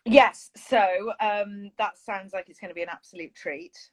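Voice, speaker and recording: A woman's voice: medium pitch, moderate pace. A woman co-hosting a podcast in casual, rambling, self-mocking chat. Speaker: podcast co-host.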